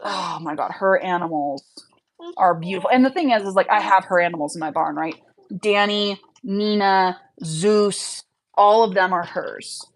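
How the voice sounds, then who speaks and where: A young woman who breeds rabbits hosts a casual livestream, talking frankly with viewers and answering their questions with plenty of fillers. Her mid-range voice moves at normal speed, though the audio quality is poor.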